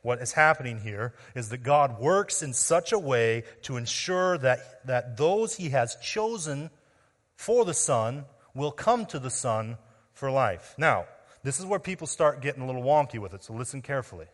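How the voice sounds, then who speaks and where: A man preaching a sermon, emphatic and full of rhetorical questions, swinging between loud declarations and quiet, drawn-out words. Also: mid-range voice, animated. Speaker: pastor. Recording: long reverb of a large hall.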